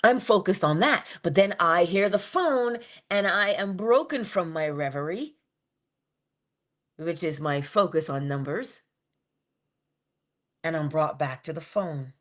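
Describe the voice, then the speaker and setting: A woman talks about meditation in a relaxed, conversational way. She tosses in playful asides and stretches out key words slowly for emphasis. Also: fairly low pitch. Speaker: inspirational speaker. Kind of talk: spiritual talk on meditation.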